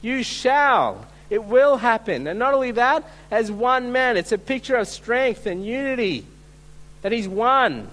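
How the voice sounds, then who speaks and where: A male pastor preaching a sermon at a church service, earnest and emphatic, slowing to stress key words. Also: very high-pitched, big pitch swings, a bit bright.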